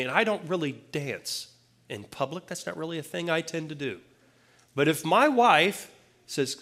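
A man's voice: fairly high pitch, expressive, moderate pace, a bit bright. Man preaching in a casual, conversational way. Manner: conversational, plain-spoken with casual asides. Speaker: pastor. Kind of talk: sermon.

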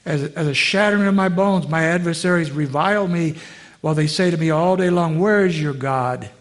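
A male pastor preaching a sermon in a conversational way, asking the congregation questions and dropping low and quiet on emotional phrases. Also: fairly quick.

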